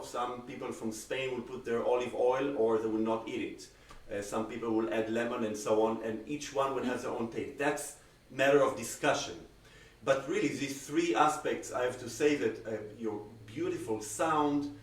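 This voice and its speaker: A man with an Israeli accent giving a cello masterclass critique, animated and full of everyday comparisons. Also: mid-range voice. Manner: animated, uses everyday comparisons and acted-out examples. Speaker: cello teacher. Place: room on a video call. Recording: roomy sound, distant from the mic.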